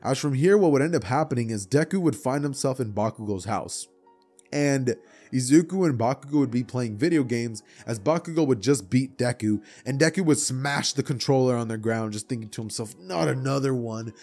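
A man narrating a fan story in a casual, chatty way, with quick asides. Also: mid-range voice, a little mellow, faint music behind. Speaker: YouTube storyteller.

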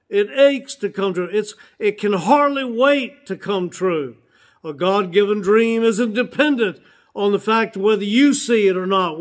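Earnest high-voiced pastor preaching. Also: male voice. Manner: earnest, slows down for emphasis and repeats key phrases. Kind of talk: sermon.

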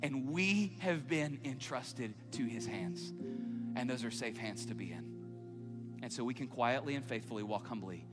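A man's voice: medium pitch, unhurried, over loud music. A male pastor preaching a sermon in a casual, conversational way, acting out everyday dialogue. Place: church auditorium. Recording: long reverb of a large hall.

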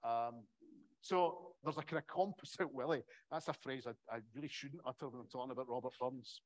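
A man's voice: mid-range voice, brisk, rough recording. A middle-aged man giving a public academic lecture in a conversational way, with wry asides.

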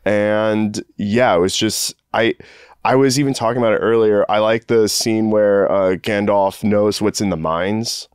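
A man's voice: on the low side, steady tone, a little slow, clean tone, no room sound, clean studio sound. A man co-hosting a casual movie-review podcast, laid-back and rambling. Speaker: podcast co-host.

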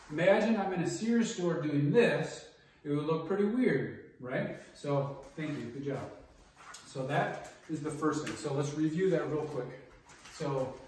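A middle-aged man leads a hands-on safety demonstration. His voice sits somewhat high for a man. He is recorded from across a large, very echoey training room, with a faint hiss underneath. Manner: coaching, repeats key steps, brief checks like 'okay?' and 'all right?'. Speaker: martial arts instructor. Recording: very echoey room, distant mic, faint noise.

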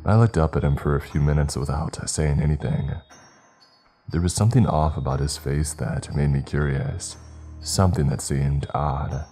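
A man narrating a scripted horror story in a steady, measured reading. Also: extremely low pitch. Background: faint music.

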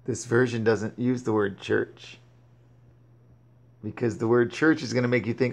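A man's voice: mid-range voice, level tone, measured pace, vocal fry, pauses often, darkish tone. A man reading Bible verses aloud and breaking off to explain and exhort. He often stumbles and restarts his words. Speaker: Bible teacher. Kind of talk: scripture reading with commentary.

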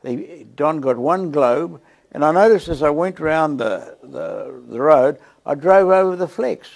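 A man with a South African accent telling a lively testimony story to a church, acting out the scenes as he goes. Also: fairly high pitch, measured pace, gravelly. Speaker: guest preacher.

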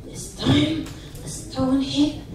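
A woman telling a children's story at a church service, animated, and often asking the children questions. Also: sits high, extremely slow. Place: large church sanctuary. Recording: echoey church hall from far off.

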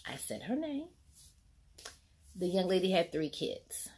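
A woman's voice: lowish voice, big pitch swings, measured pace, a little mellow, slight background noise. A woman in her forties telling a personal story in a casual vlog. She rambles with many fillers, reenacts what people said, and drops to a near-whisper at emotional moments. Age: 40s. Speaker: storytelling vlogger. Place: home set lit by a ring light.

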